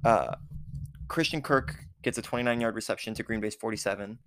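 A man with a low, gravelly voice talks through a football game play by play. He rambles and corrects himself often, with many fillers. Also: a little fast, a bit bright. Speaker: football fan recapping a game. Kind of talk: casual game recap. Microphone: recording app with a time limit.

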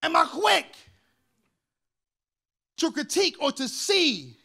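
A man pastor preaching with animated storytelling, repeating words in bursts and building to loud shouts. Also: very high-pitched, takes it slowly, vocal fry. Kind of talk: sermon.

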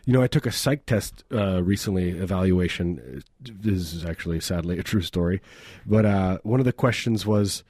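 Self-mocking radio host with husky warm voice. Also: male voice, sits low, normal speed, dry recording, studio quality. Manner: self-mocking, jokey, mimics voices, frequent laughs. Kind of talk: loose comedic radio banter.

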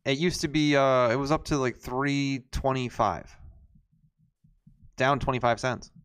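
A man's voice: medium pitch, steady tone, a little slow, fairly bright tone, clear, resonant tone. A man co-hosting a podcast, telling rambling stories in casual chat with lots of fillers and restarts. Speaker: podcast co-host.

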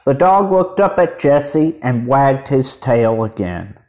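A man reading a children's chapter book aloud, expressive and voicing the children. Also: mid-range voice, a little slow. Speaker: podcast reader.

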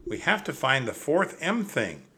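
An older man reading aloud and voicing an eager, bold little girl who talks insistently and excitedly. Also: mid-range voice, unhurried, voice pushed up, heavily acted.

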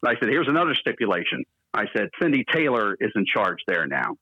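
A man's voice: lowish voice, big pitch swings, fast, husky, no echo, highs cut off. A man in his fifties, a radio DJ, telling long, salty anecdotes in an interview. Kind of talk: storytelling interview.

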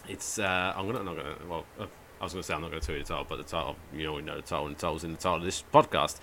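A man co-hosting a podcast in casual chat, animated storytelling with free swearing. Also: extremely low pitch, very fast, a little hiss or hum. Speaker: podcast co-host.

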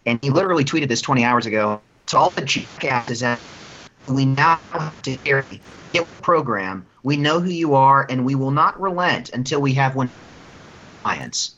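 A man's voice: medium pitch, lively intonation, normal speed, sharp tone, highs cut off, a little hiss or hum. A man from New Jersey co-hosting a news podcast, giving indignant, mocking commentary that rises into outraged exclamations. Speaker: podcast co-host.

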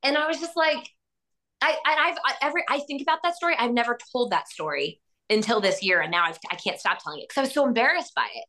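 A woman hosting a podcast, talking in a rambling, animated way with many fillers and frequent laughs. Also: a little high, quick pace. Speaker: podcast host. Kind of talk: casual chat.

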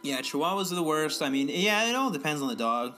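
A young man in casual profane chat, ranting and mimicking other people in high voices. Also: very animated, fast talker, bright, forceful tone, soft background music.

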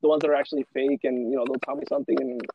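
A man's voice: mid-range voice, flat delivery, very fast, gravelly, highs cut off, a little hiss or hum. A man hosting a casual chat, telling a story in a rambling way with lots of fillers. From Los Angeles. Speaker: podcast host.

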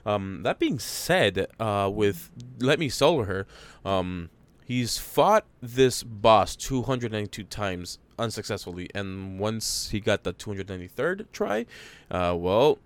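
This podcast co-host is a man whose voice sits low, expressive and unhurried. Chatting casually about games, he explains details at length in a meandering way, with many restarts.

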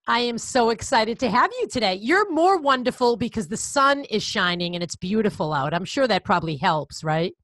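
A woman's voice: fairly high pitch, big pitch swings, normal speed, hardly any pauses, a bit bright, no room sound. Bubbly woman host with Boston accent. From Connecticut. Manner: bubbly, enthusiastic. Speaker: podcast host. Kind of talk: casual interview chat.

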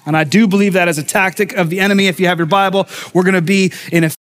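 A male pastor preaches a sermon from a stage microphone in a church sanctuary, his voice high for a man, slightly bright and fairly even, with soft music behind. He races along conversationally, questioning the congregation and talking with them rather than at them.

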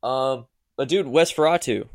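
A man's voice: mid-range voice, moderate pace, no room sound, clean studio sound. A man co-hosting a podcast, chatting loosely and teasing his partner with some swearing. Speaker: podcast co-host. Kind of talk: casual podcast chat.

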